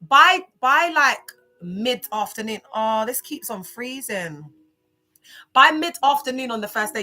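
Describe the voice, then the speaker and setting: A woman chatting casually on a livestream, animated and chatty, reacting to viewer comments. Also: a little high.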